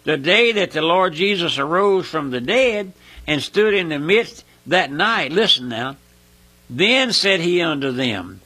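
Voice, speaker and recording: A husky-voiced man preaches a fiery sermon in a slow, deliberate delivery, his pitch swinging widely as he leans on repeated words and breaks into high, ringing cries. The sound is dry and close, with a bright, forceful edge. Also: very animated.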